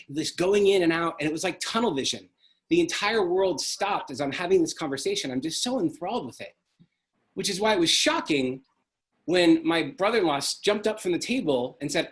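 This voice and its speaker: Man, middle-aged, earnest, emotional, storytelling talk, slightly high voice. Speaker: speaker.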